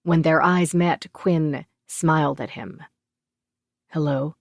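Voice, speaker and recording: A woman narrates a fantasy audiobook in an even, measured way. Her voice is low and dry, recorded close with no room sound. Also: no echo. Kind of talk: scripted narration.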